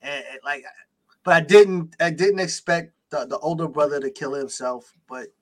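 A man joining a podcast as guest, hyped and loud, repeating phrases for emphasis. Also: a little high, moderate pace. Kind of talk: casual chat.

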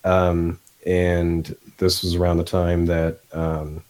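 A man with a Midwestern accent speaks in a very low voice, hosting a laid-back podcast conversation. He hesitates often and fills his pauses with ums and uhs. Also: monotone, a little mellow. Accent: Midwestern American. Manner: hesitant, many fillers. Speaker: podcast host. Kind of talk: casual podcast chat.

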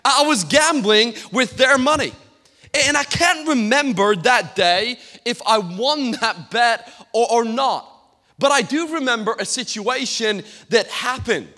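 A Scottish man, a guest pastor, preaching a sermon with humorous storytelling and quick stammered repeats, in a church hall. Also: very high-pitched, expressive, bright, forceful tone. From Scotland. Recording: long reverb of a church hall.

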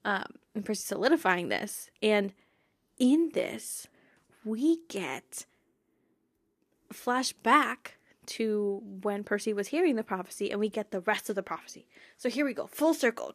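A woman's voice: mid-range voice, moderate pace, no echo, studio quality. A young woman hosting a fan podcast, chatting casually in a bubbly, giggly way with lots of fillers. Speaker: podcast host.

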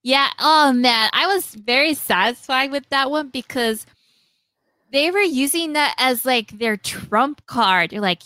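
A woman's voice: a little high, takes it slowly, bright, forceful tone, clean tone, no room sound. A woman in casual chat as a podcast co-host, animatedly retelling a story and acting out the lines people say.

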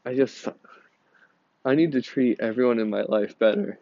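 A man in a personal confessional monologue, halting and repeating words, angry and overwhelmed. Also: medium pitch, warm tone, dry recording, dull audio. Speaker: podcast host.

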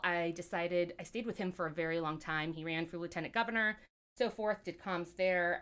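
Chatty woman with a lowish voice. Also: a bit bright, smooth. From California. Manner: chatty, rambling, many fillers and "like"s. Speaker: podcast guest. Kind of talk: casual interview storytelling.

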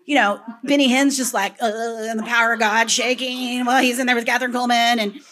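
A middle-aged woman preaching a sermon, telling stories with animated energy, dropping to whispers and breaking into shouts. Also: fairly high pitch, fast. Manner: animated storytelling, drops to whispers and bursts into shouts.

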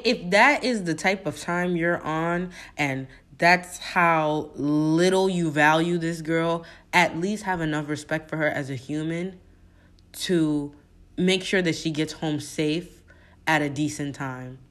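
A woman's voice: deep voice, slow, fairly bright tone. A young woman hosting a solo podcast, talking bluntly and passionately with frequent swearing. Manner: blunt, profane and impassioned. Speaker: podcast host.

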